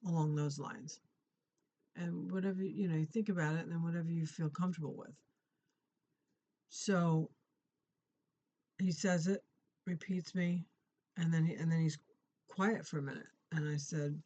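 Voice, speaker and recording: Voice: medium pitch, fairly even intonation, normal speed, a little mellow, muffled recording. A middle-aged parent sharing a personal prayer testimony to encourage viewers, talking earnestly and conversationally, often repeating and restarting phrases. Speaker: Christian encouragement vlogger.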